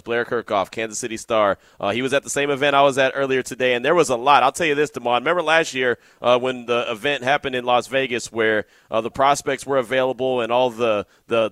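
A man's voice: mid-range voice, fairly bright tone, no room sound. Chatty slangy male radio host. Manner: chatty storyteller, loose slangy talk. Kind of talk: casual radio chat.

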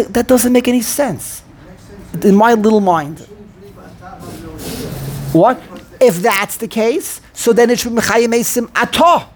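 A man with a husky, breathy voice teaches a student in an informal lesson. He talks with animation, restarting and repeating words as he goes, then slows right down to sound out each word carefully. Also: high-pitched. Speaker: teacher of prayer pronunciation.

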